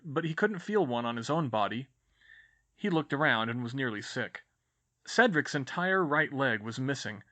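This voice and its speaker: Man, audiobook narrator, expressive, dramatic, bright tone, average pitch. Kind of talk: storybook reading of fan fiction.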